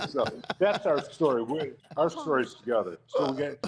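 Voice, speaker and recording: Older man telling animated stories. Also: medium pitch, moderate pace, few pauses, noisy background. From Detroit, USA. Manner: animated storyteller, acts out quotes, laughs often. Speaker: guest, retired football player. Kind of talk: casual storytelling chat.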